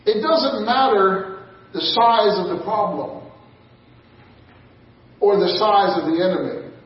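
A man with a high voice preaches in a conversational style, throwing out rhetorical questions. He sounds muffled and heavily echoey, picked up from a distance. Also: slow pace. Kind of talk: sermon.

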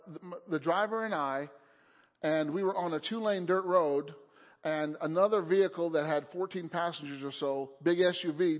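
A man preaching a sermon, telling a story calmly and then rising to loud, fervent preaching. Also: sits high. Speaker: pastor. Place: church sanctuary. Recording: muffled sound in a reverberant hall.

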